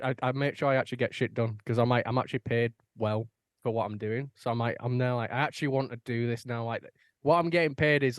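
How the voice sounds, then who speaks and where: A British man hosting a podcast, swearing freely as he tells stories. He slips into animated quoted voices as he goes. His voice is dry and close, with no room sound. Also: medium pitch, no echo. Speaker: podcast host. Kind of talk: casual chat.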